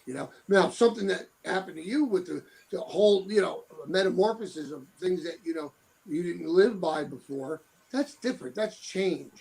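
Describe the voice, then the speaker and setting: A man's voice: high voice, moderate pace, gravelly, a little mellow, husky, rough recording. A middle-aged man telling blunt, tough-talking stories as an interview guest. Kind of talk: casual interview talk.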